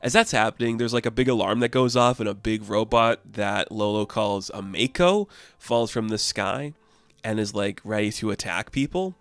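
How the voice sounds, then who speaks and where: A man with a fairly low voice gives a casual, upbeat comic book review, chatting along and laughing now and then. He is recorded up close in a dry room. Faint music plays underneath. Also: normal speed, fairly bright tone, clean tone, no room sound. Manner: chatty and upbeat, laughs often, small restarts.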